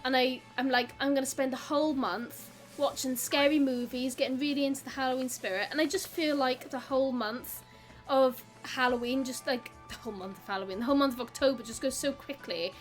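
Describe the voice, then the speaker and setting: A woman's voice: sits high, brisk, soft background music. A young Welsh woman from South Wales chatting casually with her live stream audience, giggly and full of "like".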